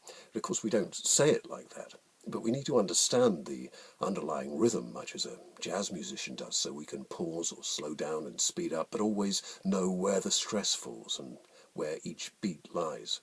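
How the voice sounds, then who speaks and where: A man, an actor hosting a spoken lesson on verse and reading poetry in a measured, explanatory way. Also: low-pitched, animated, slightly rough. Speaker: actor and host.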